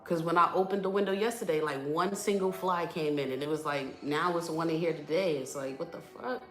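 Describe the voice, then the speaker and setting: A young woman with a low voice chats on a live stream, animated and full of profane, playful complaints. Her voice rings in an echoey apartment room. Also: brisk. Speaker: streamer chatting with viewers. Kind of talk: casual live-stream chat.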